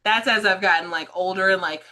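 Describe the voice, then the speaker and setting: A woman's voice: mid-range voice, brisk. A woman hosting a podcast interview, chatting casually and acting out quoted voices as she tells stories. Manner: animated storyteller, acts out quoted voices, laughs often. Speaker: podcast host.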